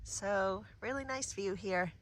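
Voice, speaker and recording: A woman's voice: medium pitch, slow pace, a bit bright, a little hiss or hum. A woman, vlogging casually and candidly from a mountain trail into a handheld camera, sometimes catching her breath. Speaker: hiking vlogger.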